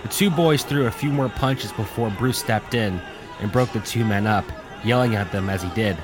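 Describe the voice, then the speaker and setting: Guy reading an audiobook, steady, lowish voice. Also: normal speed, a crowd in the background. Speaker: narrator. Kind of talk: audiobook narration.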